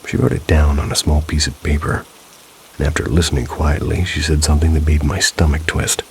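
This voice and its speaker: A man's voice: very deep voice, little pitch movement, brisk, a little hiss or hum. A man narrating first-person paranormal stories in a scripted way, dropping dry, wry asides. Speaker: storyteller reading viewer stories.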